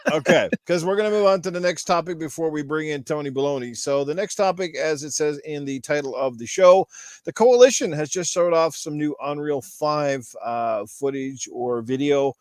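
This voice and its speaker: A man's voice: fairly high pitch, moderate pace, darkish tone, no echo. A man hosting a casual gaming podcast, easygoing, moving the talk along with questions to his guests. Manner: easygoing, steering topics with questions. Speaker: podcast host. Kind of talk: casual chat.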